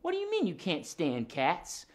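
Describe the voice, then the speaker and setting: A man voicing an excitable male dog who grumbles about outsiders in a low, drawling folksy voice and bursts into barking. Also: normal speed. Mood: grumbling.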